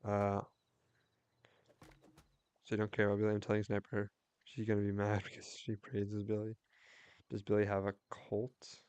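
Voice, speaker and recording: A young man chatting casually while livestreaming a game, telling a rambling story with quick restarts. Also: on the low side, monotone, darkish tone, clean tone. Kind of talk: casual chat while gaming.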